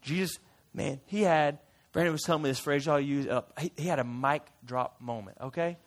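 A man's voice: fairly high pitch, moderate pace, natural voice. A man in character as a fisherman disciple, retelling a story to a church group in a chatty, playful way with side remarks. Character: folksy fisherman disciple retelling his memories.

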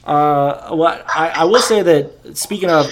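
A man's voice: on the high side, a little slow. A man hosting a casual chat, talking in a rambling way with many restarts and plenty of swearing.

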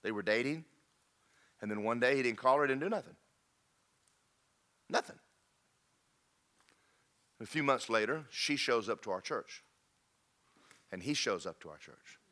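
A man preaching a sermon in a church, telling stories and swinging from loud emphatic peaks to low quiet lines. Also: lively intonation, a little slow, long pauses. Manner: storytelling, rising to emphatic peaks then dropping low.

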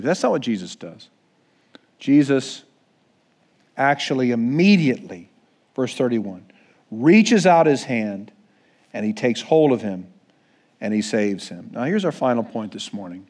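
A man's voice: mid-range voice, animated, measured pace, pauses often, a little mellow. A man preaching a sermon as pastor, earnest and conversational, with frequent restarts. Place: church.

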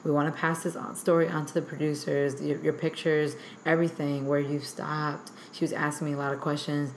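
A young woman guest telling a story in a rambling, animated way, full of filler words. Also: low-pitched, brisk, a little hiss or hum. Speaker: guest artist. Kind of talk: animated storytelling in casual chat. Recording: echoey room.

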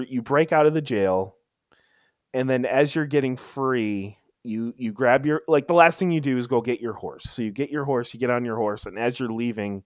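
A man's voice: medium pitch, dry recording. Man, casual podcast chat, rambling, emphatic, dry close sound. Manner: rambling, stumbling restarts, emphatic storytelling. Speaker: podcast co-host.

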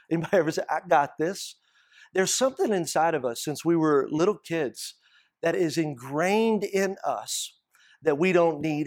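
A man's voice: a little high, no room sound, clean studio sound. A man preaching a sermon, telling stories and repeating phrases for emphasis. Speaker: pastor.

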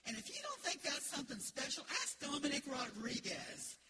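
A middle-aged woman from the United States, preaching an emphatic, animated sermon as pastor in a church. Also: sits high, normal speed, loud music behind the voice. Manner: emphatic, animated preaching with laughter and call-outs. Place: church sanctuary.

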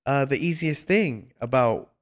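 A man's voice: mid-range voice, expressive, unhurried. A man hosting a casual interview, praising his guest and talking in loose sentences with many fillers and repeated words. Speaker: host.

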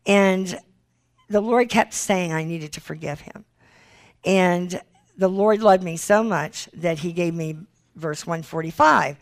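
A woman's voice, set a little low, carries this sermon. She speaks earnestly and pleads with her listeners, reading scripture aloud and weaving in her own testimony. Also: vocal fry. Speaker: Christian speaker.

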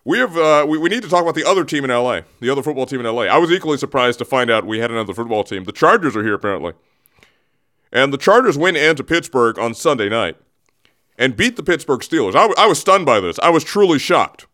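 Fast and forceful, a radio host speaks in a bright, sing-song, medium-pitched voice from the studio. He rambles casually about sports, drifting between topics and frequently interrupting himself.

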